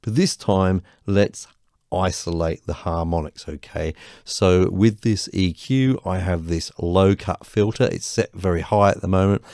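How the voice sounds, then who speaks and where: A man's voice: low-pitched, a little mellow, no room sound. A man teaching music production in a home studio, explaining patiently step by step and checking in with the listener. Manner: patient, reassuring, explains step by step with frequent "okay?". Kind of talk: tutorial explanation.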